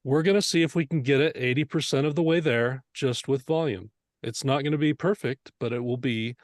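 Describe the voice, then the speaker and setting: A man's voice: medium pitch, no echo. Man explaining mixing in a dry room. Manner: earnest, explanatory, with rhetorical questions. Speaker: mixing instructor. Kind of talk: teaching a lesson on mixing.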